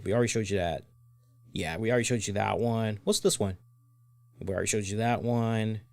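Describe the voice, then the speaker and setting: A man's voice: clear, resonant tone, dry recording. A man in his thirties hosts his own show and tells a long story in easy, casual chat. He swears freely and swings his voice sharply upward when he acts out what other people said. The recording is very dry, with no room sound at all. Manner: animated, swears freely, acts out other people's lines with big pitch jumps. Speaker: podcast host.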